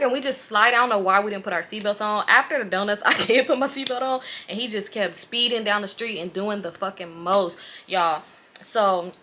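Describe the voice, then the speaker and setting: A woman in her late twenties casually telling a storytime to her viewers, animated, slangy and swearing freely. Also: a little high. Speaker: vlogger.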